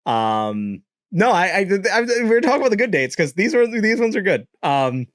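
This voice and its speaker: A man's voice: high voice, sing-song, normal speed, dry recording, clean studio sound. A young man casually telling dating stories to a live chat, laughing often, swearing and acting out quotes. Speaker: streamer.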